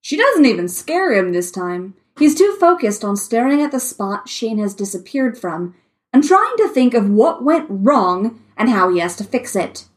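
Expressive woman reading a story aloud. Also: fairly high pitch, measured pace. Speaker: story reader. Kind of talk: reading fan fiction aloud.

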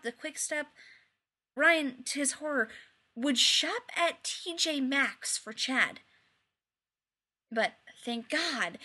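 Woman reading fanfic out loud, wry and expressive, bright forceful tone, bit high. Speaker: reader. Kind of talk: reading fan fiction aloud.

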